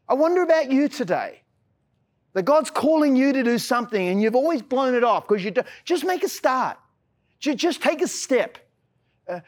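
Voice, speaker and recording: An Australian man preaching a sermon as a pastor, earnest and casual, often repeating words as he starts a phrase. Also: extremely high pitch. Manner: mixes in casual slang.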